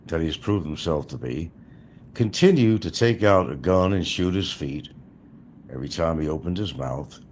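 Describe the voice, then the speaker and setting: A man's voice: low-pitched, a little hiss or hum. A man giving a sarcastic ranting commentary as a YouTube commentator, hammering points through repetition.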